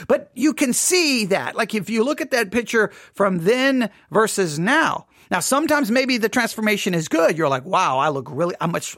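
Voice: mid-range voice, fairly bright tone, no room sound, studio quality. A podcast host talking casually, rambling, repeating words and asking listeners rhetorical questions.

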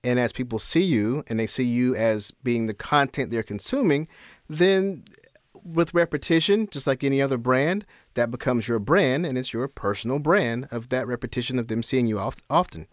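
A man's voice: medium pitch, lively intonation, no echo. Thoughtful man hosting a podcast, dry sound. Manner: explanatory, thoughtful, measured. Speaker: podcast co-host. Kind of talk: casual podcast conversation.

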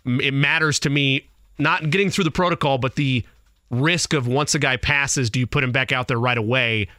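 A man co-hosts a sports radio show, trading casual banter in a measured, explanatory way. His voice is bright and crisp, with a dry, close studio sound. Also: mid-range voice, no room sound. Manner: measured, explanatory, short answers. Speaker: sports radio co-host and soccer broadcaster.

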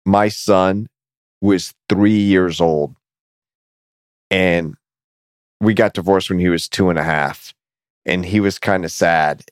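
A man's voice: low voice, steady tone, slow, pauses often, smooth, no room sound, studio quality. A man co-hosting a casual talk show, telling a story and laughing easily. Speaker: podcast co-host. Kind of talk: casual chat.

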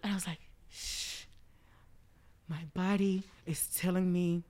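A woman, a rapper guesting on a podcast, telling lively stories and acting out quotes with frequent laughs. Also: on the low side, moderate pace. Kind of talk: animated storytelling in casual chat.

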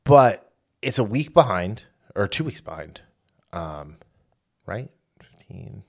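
Low-voiced man rattling off box-office numbers. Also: very animated, takes it slowly, vocal fry. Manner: rattles off box-office figures with fillers and self-corrections. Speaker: podcast co-host. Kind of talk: casual podcast chat.

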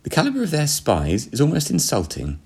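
A man voicing a young gentleman spy, breezy, genteel, offhand, lifted voice, lively lilt. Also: on the high side, a little fast, creaky, slightly rough, voice pushed up, exaggerated voice. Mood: airy.

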